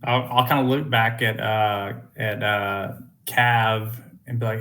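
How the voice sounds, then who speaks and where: A man's voice: on the low side, fairly even intonation, takes it slowly, fairly bright tone. A man playing a tabletop game, casual and teasing toward the other players.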